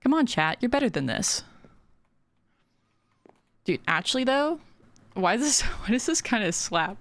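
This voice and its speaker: A woman's voice: fairly high pitch, sing-song, unhurried, pauses often, a bit bright. A woman streamer chatting casually while building in a game, giggly and full of fillers. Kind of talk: casual gaming stream chat.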